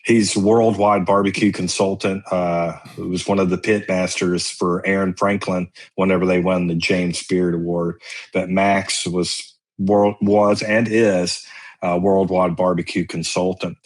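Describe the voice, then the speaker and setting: A man's voice: sits low, flat delivery, a little slow. A man, a podcast guest telling long stories about sausage-making in a casual, rambling way with plenty of fillers. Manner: rambling storyteller, lots of fillers. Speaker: guest, sausage maker and teacher.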